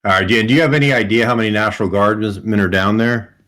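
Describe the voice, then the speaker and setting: A man's voice: lowish voice, fairly even intonation, quick pace, a bit bright. A man playing a tabletop game, making casual out-of-character remarks. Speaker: player.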